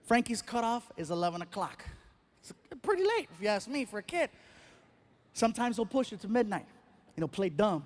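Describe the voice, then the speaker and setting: High-voiced man doing stand-up. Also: fairly quick. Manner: animated, exaggerated storytelling with punchlines. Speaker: stand-up comedian. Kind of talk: live stand-up storytelling. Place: live comedy stage.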